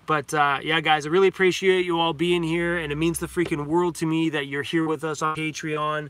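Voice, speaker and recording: A man's voice: on the high side, little pitch movement, brisk, hardly any pauses, fairly bright tone, clear, resonant tone, dry recording. A man, hosting a casual livestream chat in a rambling, heartfelt way and talking fondly to his dog. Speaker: vlogger host.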